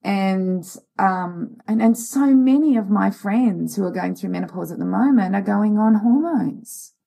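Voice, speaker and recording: A woman's voice: medium pitch, a little slow, creaky, dark tone. A woman co-hosting a casual chat who gives earnest advice with plenty of hesitations. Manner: earnest, advising, with many fillers. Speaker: podcast co-host.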